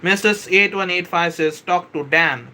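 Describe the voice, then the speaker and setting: A man hosting a live stream, chatting with viewers, reading their comments aloud and explaining a software model, often saying "bro" and "kindly" and correcting himself as he goes. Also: sits high, unhurried. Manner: self-correcting, hesitant restarts. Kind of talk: casual live-stream teaching.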